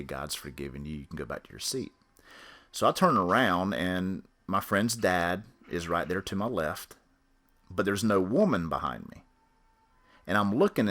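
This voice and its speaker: A man casually telling a personal story on a podcast, rambling in a low-key, matter-of-fact way. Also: a bit bright. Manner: rambling, full of fillers and restarts.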